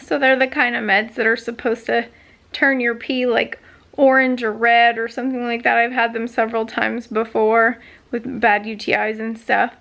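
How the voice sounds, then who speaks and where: A woman's voice: fairly high pitch, level tone, moderate pace, gravelly, fairly bright tone. A woman vlogger chatting casually, telling a long story with many fillers and asides. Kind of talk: casual chat.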